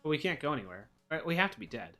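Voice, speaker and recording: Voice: medium pitch, sing-song, very fast, a bit bright, faint music behind. A co-host casually chatting over a horror game, laughing a lot and swearing. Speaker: let's play co-host.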